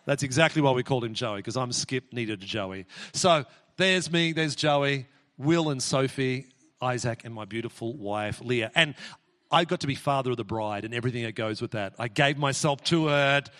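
A middle-aged man preaching a sermon from the front of a church, praying and telling family stories in an animated, exclamatory way with many restarts. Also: medium pitch, moderate pace. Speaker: pastor. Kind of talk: sermon with prayer and personal stories. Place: church hall. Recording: long hall reverb in church.

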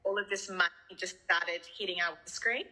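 A woman's voice: fairly low pitch, steady tone, moderate pace, pushed and bright. A woman on a video call, recounting a memory in a friendly way. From Australia.

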